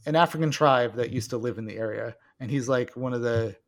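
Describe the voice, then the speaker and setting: A man in casual movie chat who recaps a plot haltingly and laughs often. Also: mid-range voice.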